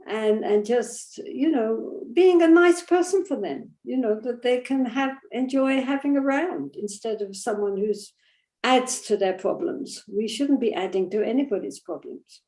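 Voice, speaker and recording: Gentle older woman teaching in an echoey room. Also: fairly high pitch, measured pace. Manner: gentle, thoughtful, often says "you know". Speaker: Buddhist teacher answering questions. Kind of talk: reflective spiritual teaching.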